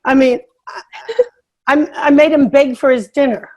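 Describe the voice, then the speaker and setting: A woman's voice: high-pitched, steady tone, moderate pace, crowd noise. A woman from New York doing stand-up over a video call, with chatty, rambling delivery. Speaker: stand-up comedian. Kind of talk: stand-up storytelling.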